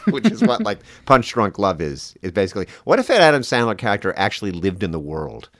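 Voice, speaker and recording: A man in casual conversation about acting and accents, animated and quick to laugh. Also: on the low side, no room sound, studio quality. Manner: animated, laughs often, mimics voices in passing. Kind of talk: casual chat.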